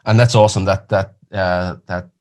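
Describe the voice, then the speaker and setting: A man hosting a podcast interview, asking halting questions with repeated words and encouraging his guest. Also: low-pitched, fairly even intonation, a little mellow. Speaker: podcast host.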